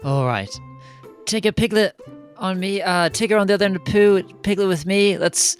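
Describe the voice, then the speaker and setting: A man playing his character in a casual tabletop role-playing game, playful and expressive. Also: high voice, moderate pace, faint music behind. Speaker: player.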